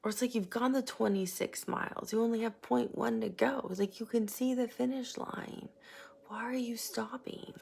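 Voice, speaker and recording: A woman giving a casual tarot reading, chatty and rambling, sometimes sinking into a soft whisper. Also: fairly high pitch, steady tone, normal speed, vocal fry, husky. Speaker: tarot reader.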